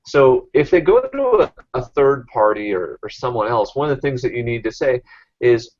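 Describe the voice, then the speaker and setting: A man's voice: medium pitch, expressive, normal speed, a little mellow, lo-fi sound. A man leading a real estate sales training, coaching the team with many fillers and restarts.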